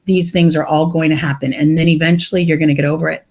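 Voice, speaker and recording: A woman's voice: deep voice, level tone, quick pace, darkish tone. Candid, talkative middle-aged woman on a call. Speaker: laid-off operations worker sharing in a support group. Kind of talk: casual group video call. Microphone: video call.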